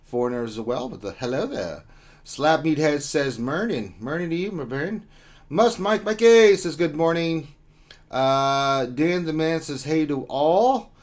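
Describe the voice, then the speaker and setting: A man's voice: a little high, animated, unhurried, darkish tone. A man hosting a casual gaming livestream, reading out chat greetings in a joking, rambling way with lots of fillers. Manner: joking, rambling, with many ums and uhs. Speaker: livestream host.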